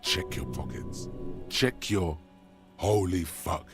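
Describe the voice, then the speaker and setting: A man's voice: slow, over music. A man voicing a sardonic inner narrator in a game, speaking to the player in a commanding second person. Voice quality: gravelly, very deep.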